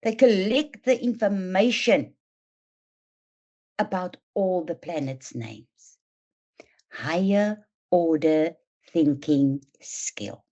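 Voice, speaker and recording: A woman presenting a teacher training webinar, explaining and demonstrating read-aloud techniques in a deliberate, emphatic way. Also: on the low side, lively intonation, warm tone. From South Africa. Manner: slow, deliberate, emphatic delivery addressing teachers. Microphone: online webinar mic. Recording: dull lo-fi webinar audio.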